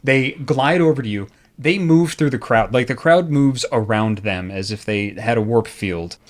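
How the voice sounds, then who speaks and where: A man running a tabletop role-playing game as game master, narrating in a loose, animated, laughing way. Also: medium pitch, moderate pace.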